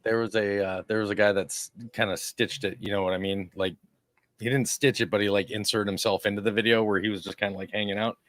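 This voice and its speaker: A man's voice: fairly low pitch, quick pace, no echo. A man co-hosting a podcast, telling crude stories in casual chat and acting out the people in them. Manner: crude, animated storytelling with put-on voices. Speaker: podcast co-host.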